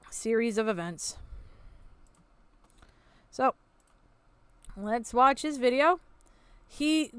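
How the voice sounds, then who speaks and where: A woman's voice: fairly high pitch, fairly bright tone, clear, resonant tone, no echo. A woman hosting a reaction commentary, ranting in a sarcastic, exasperated way and swearing freely. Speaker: commentary channel host.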